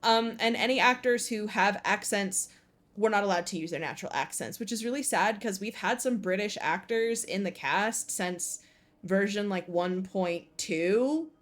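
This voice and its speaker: A woman streamer giving live gameplay commentary in a passionate, animated, ranting way. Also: medium pitch, normal speed.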